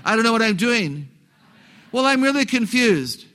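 A man's voice: big pitch swings, moderate pace, bright, forceful tone, heavily acted. A man putting on the voice of a young child who whines and stalls to get out of homework. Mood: whiny. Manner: whining, stalling, high and pleading.

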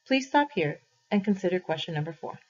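A woman reads a novel aloud to her class in a calm, measured storytelling voice. Her tone is husky and a little breathy. The recording sounds dull and lo-fi. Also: on the low side. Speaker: teacher reading aloud.

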